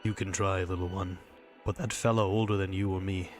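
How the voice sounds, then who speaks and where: A man puts on a gruff, cryptic old drunk for a visual novel reading. He talks in short, clipped, broken English from a low register, patient but shutting the girl down. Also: flat delivery, fairly quick, faint music behind, close to an everyday voice. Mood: dismissive. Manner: clipped broken English, calls her little one.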